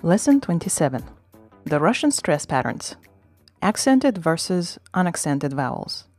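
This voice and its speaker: A woman hosting a language-learning podcast, reading a scripted lesson in a measured, explanatory way and modelling sample words. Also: fairly low pitch, very animated, a little mellow, no echo, faint music behind.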